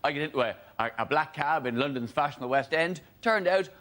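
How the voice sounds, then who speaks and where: A man's voice: on the high side, lively intonation, fast talker. Wry comedian man. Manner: wry, conversational storytelling. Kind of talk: stand-up routine. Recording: studio with loud audience noise.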